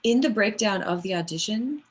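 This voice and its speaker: A woman voice actor answering interview questions in a relaxed, thoughtful way, with many fillers and frequent laughs. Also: mid-range voice, moderate pace. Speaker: voice actress guest. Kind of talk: casual interview chat.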